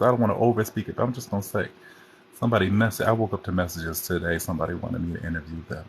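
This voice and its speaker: A man's voice: low voice, level tone, racing, slight background noise. A man hosting a casual livestream chat on his phone, rambling and chatty as he jumps from topic to topic. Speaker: host.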